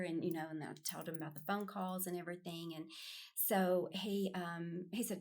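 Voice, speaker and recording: A woman's voice: on the low side, fairly even intonation, brisk, a little mellow. A middle-aged woman, a podcast guest telling a personal story in casual conversation, earnest and full of restarts. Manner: earnest, storytelling with quoted voices.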